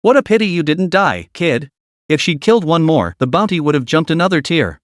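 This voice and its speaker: Man playing a smug, sneering hunter, mocking tone, animated pitch, dry close sound. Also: normal speed, no echo, lightly acted. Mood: taunting. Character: sly, lecherous male ghost hunter in a suit.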